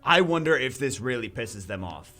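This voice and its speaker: A man hosting a gaming video with a very lively, bouncing pitch. He rambles and restarts his sentences as he comments on a patch. Faint music plays quietly under his voice. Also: normal speed. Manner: excitable and rambling, many restarts. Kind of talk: excited game patch commentary.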